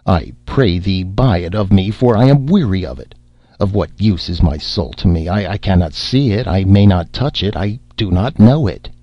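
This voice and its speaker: Guy reading as a lovesick young fisherman, pleading, deep husky voice, kinda dull lo-fi audio. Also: normal speed, mellow, no echo. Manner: earnest archaic pleading.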